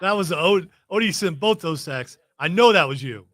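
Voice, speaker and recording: A man's voice: on the high side, animated, normal speed, a bit bright. A man hosting a casual chat show, teasing his co-hosts and giving them orders. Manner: teasing, bossy and joking. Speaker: podcast host.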